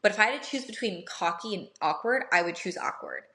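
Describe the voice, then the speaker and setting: A woman's voice: mid-range voice, lively intonation, quick pace, sharp tone. A young woman hosting casual dating advice talk for a live audience, chatty, often checking in with "right?" and acting out short bits of dialogue.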